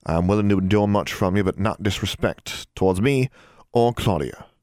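A stern, secretive wizard father, read by a male narrator, his voice low and deep, calm and formal even when he warns. It is close and dry, with no room sound. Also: moderate pace, dry recording, lightly acted.

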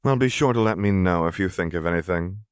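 A man's voice: low voice, fast, clean tone, dry recording, clean studio sound, natural voice. A man reading an audiobook, voicing a smug, powerful woman company director in a languid, teasing manner. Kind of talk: audiobook character voice.

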